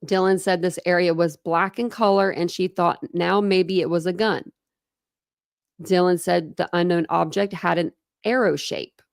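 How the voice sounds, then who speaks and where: Young woman, true crime host, reads documents then chats, gravelly, lowish voice, dry close sound. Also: steady tone, moderate pace, no echo. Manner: chatty, many "like" fillers, thinks aloud. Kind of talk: reading documents aloud with casual commentary.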